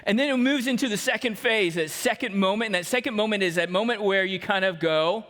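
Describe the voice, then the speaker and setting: A pastor with a notably high voice delivers a storytelling sermon, slipping into voices for the people he quotes. His words ring out with a long reverb that fills the church hall. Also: a little fast, hardly any pauses, fairly bright tone. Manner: storytelling preacher who acts out quoted voices. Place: church sanctuary.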